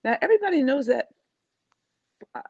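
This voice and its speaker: A woman from New York, a life coach, talking as a guest in an interview in an animated, emphatic way. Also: high-pitched, brisk, creaky, dry recording, muffled recording. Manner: animated, emphatic, acts out quoted voices. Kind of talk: interview conversation.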